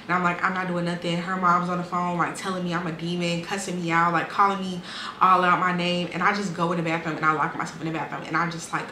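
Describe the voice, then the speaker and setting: A woman's voice: on the low side, level tone, fast, pushed and bright. A young woman, telling her life story casually and bluntly, swearing freely and acting out what people said. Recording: echoey room with faint ambient noise.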